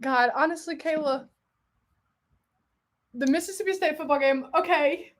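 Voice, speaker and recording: Excitable high-voiced woman streamer. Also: normal speed. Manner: excitable, exclamatory, chatty. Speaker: livestream host. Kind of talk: casual livestream chat.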